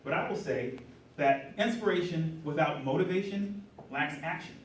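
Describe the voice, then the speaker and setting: A middle-aged man giving an energetic motivational talk at a conference, often asking the audience questions. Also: on the high side, normal speed, a little hiss or hum. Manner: energetic, asks the room questions. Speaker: conference speaker. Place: conference hall. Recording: roomy hall audio from a distance.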